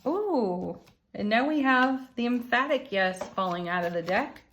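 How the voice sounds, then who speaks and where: A woman giving a relaxed spiritual tarot reading, encouraging and gentle, with soft laughs and murmured asides. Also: a little high, unhurried, muffled recording, slight background noise. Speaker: tarot card reader and channel host. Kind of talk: unscripted spiritual card reading.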